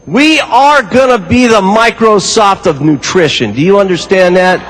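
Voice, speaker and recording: A man with an unusually high voice delivers a lively sales speech. He tells an anecdote with theatrical flair and a storyteller's timing. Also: moderate pace, long reverb tail, a little hiss or hum, poor audio. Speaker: motivational speaker. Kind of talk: animated sales speech with acted scenes.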